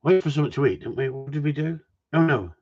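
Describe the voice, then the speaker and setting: A man's voice: fairly high pitch, fast talker, husky, muffled recording. A man hosting a live stream, telling a story as a casual rant with lots of swearing. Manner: animated storytelling with frequent swearing. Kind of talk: casual ranting chat.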